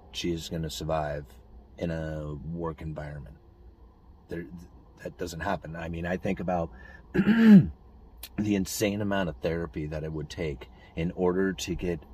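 A man's voice: low-pitched, a little mellow, a little hiss or hum. A man hosting a podcast, talking through his thoughts in a rambling, reflective monologue full of restarts and "you know.". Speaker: podcast host. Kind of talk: casual monologue.

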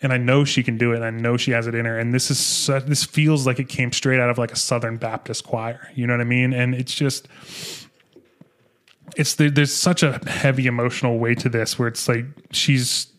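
A young man hosting a podcast, chatting casually and excitedly about an album, swearing and restarting his sentences. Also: mid-range voice, normal speed. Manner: excitable, profane, rambling with restarts. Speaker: podcast host. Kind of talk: casual music review chat.

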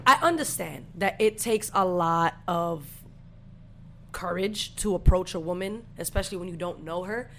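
A woman's voice: on the low side, moderate pace. Young woman cussing her way thru a story on a podcast, slang everywhere, bit of faint background hum. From Puerto Rican family. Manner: profane, animated storytelling with street slang. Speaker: podcast co-host. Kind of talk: casual storytelling chat.

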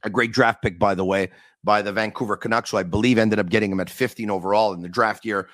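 A man's voice: on the low side, steady tone, fast, fairly bright tone, no room sound. A man hosting a sports talk podcast, talking emphatically and repeating his points for effect. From Canada. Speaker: podcast host.

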